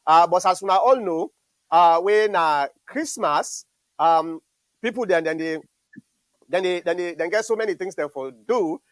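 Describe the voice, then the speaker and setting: A man hosting an online show, talking in a halting way full of fillers and restarts. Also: sits high, dry recording, low-quality recording. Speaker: show host.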